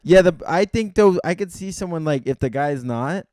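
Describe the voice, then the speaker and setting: A man's voice: fairly high pitch, lively intonation, moderate pace, darkish tone, dry recording, clean studio sound. A man co-hosting a casual podcast chat, giving short skeptical replies and questions. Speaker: podcast co-host.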